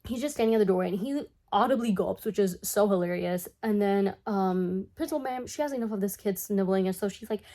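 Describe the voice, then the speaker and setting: A woman giving a casual comedic recap of a cartoon, chatty and sarcastic with animated asides. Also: a little high, fairly quick, hardly any pauses. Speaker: commentary YouTuber.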